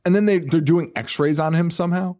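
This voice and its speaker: A man's voice: fairly high pitch, a little fast, mellow. A man co-hosting a podcast, casually recapping a horror film scene by scene, swearing often, laughing and mimicking the characters. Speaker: podcast co-host. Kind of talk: casual movie recap chat.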